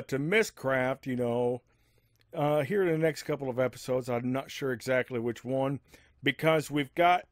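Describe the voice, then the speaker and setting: A man hosts a game let's-play, speaking above his naturally low register in casual, rambling commentary packed with fillers and asides. The recording is dry and studio quality.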